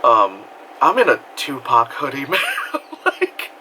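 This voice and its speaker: A man with a New York accent telling a casual, animated, profane story on his vlog, often laughing. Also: medium pitch, slow pace, long pauses, a little hiss or hum, poor audio. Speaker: vlogger.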